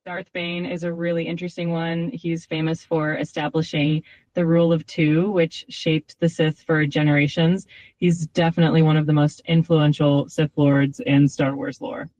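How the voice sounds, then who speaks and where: A woman's voice: deep voice, normal speed, dry recording. AI assistant woman's voice: upbeat and polite, dull lo-fi speaker sound, dry. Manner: polite, upbeat, even-tempered. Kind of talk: cheerful assistant replies.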